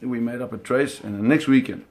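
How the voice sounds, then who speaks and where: Gravelly man telling a story. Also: mid-range voice, fairly quick. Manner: animated, vivid storytelling with frequent restarts. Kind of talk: personal storytelling.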